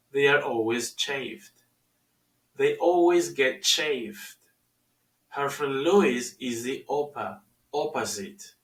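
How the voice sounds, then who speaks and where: A man teaching an English lesson, repeating phrases slowly for his students to drill and stopping to explain pronunciation. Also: on the high side, a bit bright. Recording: echoey room, far from the mic.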